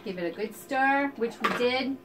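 Brisk woman, first mate co-host. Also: a little high, a little hiss or hum. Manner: brisk, keeps the recipe moving. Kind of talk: playful cocktail-making show.

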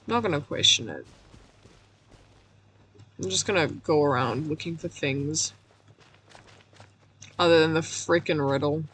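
A woman streaming a game, her voice going hoarse, rambling in a self-mocking way, cracking puns and laughing at herself. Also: deep voice, animated, measured pace, pauses often, a bit bright. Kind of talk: casual let's-play commentary.

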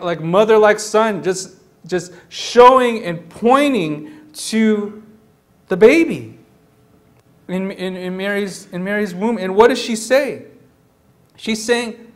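A pastor preaching a sermon in an animated, conversational way, often repeating words and acting out the people he describes. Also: high-pitched. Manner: animated, repeats words, acts out quoted voices.

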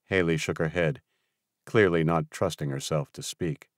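A man's voice: very deep voice, normal speed, dry recording, clean studio sound. A man reading an audiobook aloud as narrator, giving the characters their own voices. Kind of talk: scripted narration.

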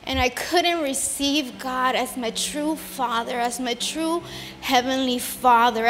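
A woman giving an earnest, emotional personal testimony in a church sanctuary, building into fervent preaching. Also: sits high. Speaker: testimony speaker at a church service. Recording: long hall reverb with soft music behind.

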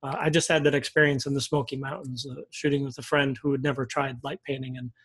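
A man, a guest photography instructor, explaining in a relaxed interview chat and pausing often with fillers. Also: medium pitch, husky, poor audio. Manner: relaxed, many fillers and restarts. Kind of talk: casual interview talk.

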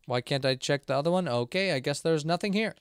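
A man's voice: a little high, fast, smooth. A man streaming a horror game live, rambling to himself and his chat, sleepy and yawning. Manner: rambling, self-talking, sleepy with yawns. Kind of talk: casual live game commentary.

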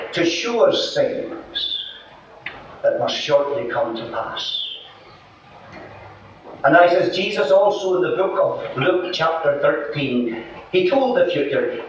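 An older man with a Northern Irish accent preaching a storytelling sermon at a gospel mission, animated and folksy. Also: fairly high pitch. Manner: animated, folksy storyteller who acts out voices. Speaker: evangelist minister. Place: mission hall at a gospel campaign. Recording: distant echoey hall, dull and hissy.

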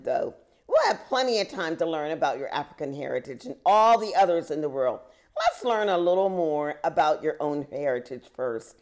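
A woman voicing a gentle, reassuring old grandfather in a storybook read-aloud. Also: low-pitched.

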